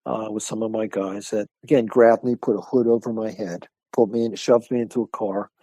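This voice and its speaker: An older man, a martial arts instructor, telling lively stories in a podcast interview and acting out the people he quotes. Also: fairly low pitch, brisk, no room sound. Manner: animated storyteller acting out quoted voices.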